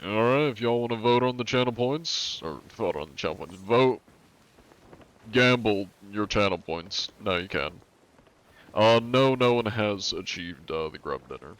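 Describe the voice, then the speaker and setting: A young man in his twenties chats casually with viewers on his gaming livestream, cracking dry, wry jokes with chat. His fairly low voice is animated and fairly bright in tone, though he speaks a little slowly.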